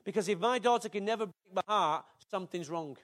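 Older pastor, high-pitched and chatty. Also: male voice, brisk, a bit bright. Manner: conversational, jokey preaching with asides to the congregation. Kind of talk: sermon.

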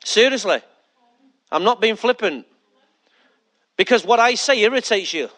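A male pastor delivers a sermon in a high voice. He is emphatic, drives his points home by repeating them, and keeps asking the congregation questions. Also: lively intonation, measured pace, a bit bright.

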